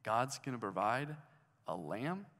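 A man delivers a sermon at an unhurried pace, stopping often to put questions to his listeners. His voice sits in the middle of the male range. A long reverb from a large hall trails every phrase. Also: medium pitch, very animated, a bit bright. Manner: conversational, asks the listeners questions. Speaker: preacher.

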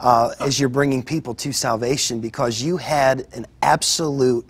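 Male TV interview host with a husky voice, steady and affirming. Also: medium pitch, normal speed. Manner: affirming, builds long questions. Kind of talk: interview questions and reactions.

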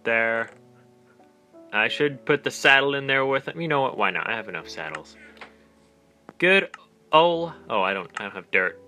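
A man hosting a let's play, talking casually over his game in an animated voice that often breaks into exclamations. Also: medium pitch, normal speed, long pauses, faint music behind. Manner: animated, exclaiming and laughing in dismay. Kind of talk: casual gameplay commentary.

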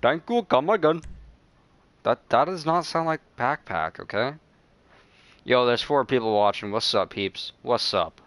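A man livestreaming a game, chatting casually with viewers, joking, swearing freely, laughing often and shouting at the game. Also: mid-range voice, expressive, unhurried, smooth, dry recording. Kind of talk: casual gaming livestream chat.

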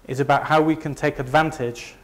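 A man's voice: fairly high pitch, steady tone, brisk. A man from Leeds with a Northern English accent, giving a conversational, self-deprecating presentation to a live audience. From north of England. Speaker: company presenter.

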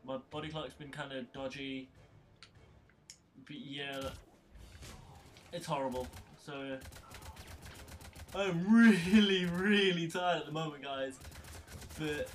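Against a noisy background of loud game music and sound effects, a medium-pitched young man gives tired, rambling gameplay commentary as a gaming YouTuber. He swears whenever something goes wrong.

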